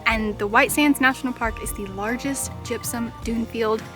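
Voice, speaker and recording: A woman's voice: on the high side, fairly even intonation, normal speed, over music, low-quality recording. A woman hosting a travel vlog outdoors among sand dunes, chatty and upbeat as she explains things to viewers. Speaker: travel vlogger host. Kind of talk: casual travel vlog narration.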